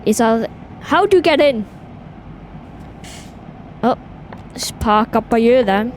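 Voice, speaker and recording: A woman with a Welsh accent chatting excitably to viewers while playing a driving game. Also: on the high side, takes it slowly. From Wales. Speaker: gaming video host. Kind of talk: casual gameplay commentary. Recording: game engine noise behind voice. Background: truck and vehicle sounds from game.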